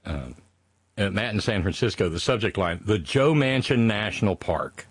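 A man's voice: on the low side, expressive, normal speed, slightly rough, no room sound, clean studio sound. A man from West Virginia co-hosting a casual political chat show, profane and rambling, reading listener messages aloud. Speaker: podcast co-host.

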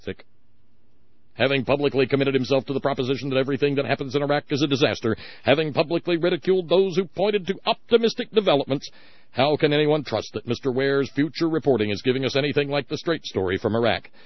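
A man's voice: medium pitch, quick pace, no room sound, muffled recording. A man hosting a political call-in radio show, ranting in a sarcastic, mocking way. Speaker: radio talk show host.

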